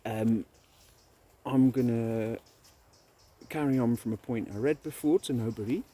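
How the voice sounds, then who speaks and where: A man's voice: mid-range voice, dark tone. A man hosting a solo show, telling a parable and reading from his own book in a reflective, meandering way. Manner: slow, reflective, jumps between topics. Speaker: podcast host. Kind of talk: monologue with storytelling and book reading.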